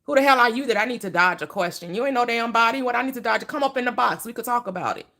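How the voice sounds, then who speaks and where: A woman's voice: a little high, very fast, sharp tone. A woman hosting a casual live stream, blunt and laughing as she talks back to her chat.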